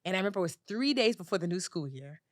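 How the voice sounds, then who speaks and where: Lively woman telling her story. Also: on the low side, very fast, dry recording, clean studio sound. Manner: animated storyteller who acts out other people's voices. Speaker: guest, personal finance educator. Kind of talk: candid storytelling in an interview.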